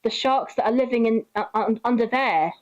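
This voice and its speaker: A woman's voice: a little high, moderate pace, highs cut off, lightly acted. A woman voicing a timid, silly young female pet cat that talks in a whiny, hesitant way. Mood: fearful.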